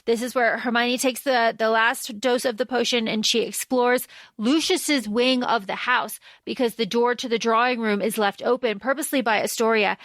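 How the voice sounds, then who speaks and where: A woman on a casual fan podcast with a fairly high voice. She recaps eagerly and slips into lower or higher voices for quoted lines. The sound is dry and close to the mic. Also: steady tone, moderate pace, a bit bright, dry recording. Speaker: podcast co-host.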